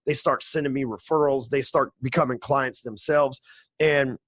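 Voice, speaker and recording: A man's voice: medium pitch, steady tone, normal speed, a bit bright, no room sound. A man in his forties, a podcast guest telling stories in a brash, profane, streetwise way. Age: 40s. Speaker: podcast guest, sales trainer. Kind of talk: casual storytelling interview.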